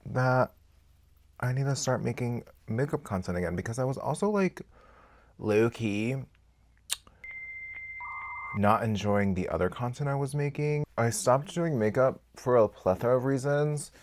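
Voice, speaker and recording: A man chatting candidly to camera as a beauty vlogger while doing his makeup, swearing freely and swinging between loud outbursts and quiet asides. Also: medium pitch, a little slow, pauses often. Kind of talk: casual get-ready-with-me chat.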